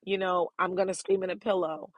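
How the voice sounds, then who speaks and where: A woman's voice: fairly low pitch, flat delivery, fairly quick, dry recording. A middle-aged woman hosting a podcast, talking candidly and casually about self-care, laughing often as she goes. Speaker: podcast host.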